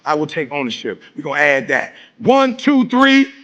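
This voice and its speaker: Bright high-voiced man preaching motivation. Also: very animated, moderate pace, lo-fi sound. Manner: call-and-response, rising to shouted exhortations. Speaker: motivational speaker. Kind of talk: live motivational speech. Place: room with a live audience.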